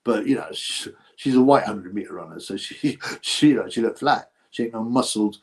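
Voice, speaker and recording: A man's voice: fairly low pitch, normal speed. Rambling man chatting about boxing. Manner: rambling, chatty, with frequent fillers and laughs. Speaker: boxing channel host. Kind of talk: casual livestream chat.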